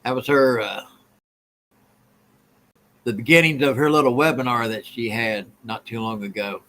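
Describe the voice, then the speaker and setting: A man's voice: medium pitch, fairly even intonation, normal speed, a bit bright, rough recording. A man hosts a live stream and speaks bluntly in a mid-range voice. He repeats his points and answers viewers' comments as he goes. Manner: blunt, repetitive, reads and answers chat.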